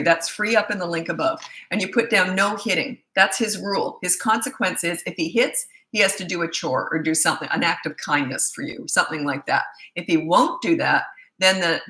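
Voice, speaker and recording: A woman with a bright, forceful tone and a fairly low-set voice talks through parenting questions in a casual, chatty way. She is middle-aged and animated, and she slips into quoted voices when she retells things. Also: low-quality recording. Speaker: parenting coach answering questions. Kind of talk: casual advice chat.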